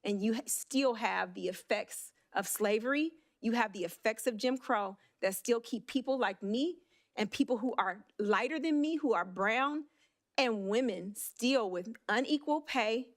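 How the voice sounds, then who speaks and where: A woman council member giving an emotional, blunt speech at a city council meeting, with halting restarts. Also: fairly high pitch.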